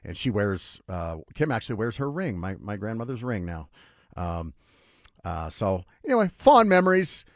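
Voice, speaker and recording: A man's voice: fairly low pitch, moderate pace, dry recording. A man hosting a sports radio show, telling stories casually and animatedly with lots of asides, on a studio microphone. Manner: animated storyteller, lively with asides. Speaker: radio sports talk host.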